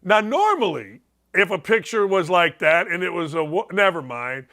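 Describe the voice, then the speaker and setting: A middle-aged man hosting a sports and politics talk show, excitable, rambling and sarcastic. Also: high voice, normal speed.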